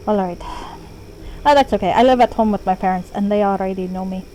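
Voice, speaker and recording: A woman's voice: mid-range voice, brisk, dark tone, low-quality recording. A woman streaming a game from home, casual and self-deprecating, swearing when the game annoys her. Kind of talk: casual live-stream commentary.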